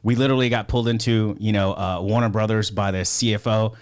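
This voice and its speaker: Speaking fast and smoothly in a fairly low, steady voice, an American man appears as a podcast guest. He rambles through casual stories and swears constantly.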